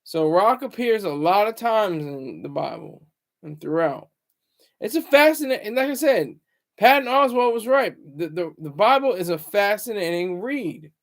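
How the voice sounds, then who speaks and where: A man's voice: sits high, very animated, moderate pace. A man hosting his own channel, talking in a loose, rambling monologue full of fillers and restarts. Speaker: channel host.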